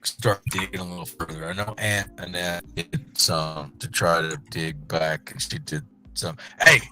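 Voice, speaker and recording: A man's voice: low-pitched, lively intonation, measured pace, bright, forceful tone. A young man, co-hosting a casual chat show and telling a story with lots of restarts. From West Texas. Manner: rambling storyteller, many restarts. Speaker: podcast co-host.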